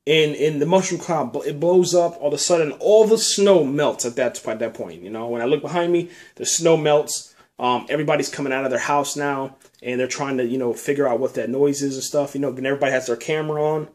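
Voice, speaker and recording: A man's voice: medium pitch, a little fast, a little mellow. A man telling a nightmare in a loose, rambling way, swearing a lot and dropping "man" and "you know" all through. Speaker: storyteller recounting a nightmare. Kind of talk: casual rambling storytelling.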